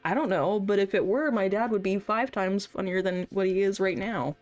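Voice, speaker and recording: A woman's voice: mid-range voice, moderate pace, a little mellow. A young woman streamer chatting casually while playing a farming game, laughing often and swearing freely. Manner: chatty, laughs often, swears casually, quotes comedy bits in put-on voices.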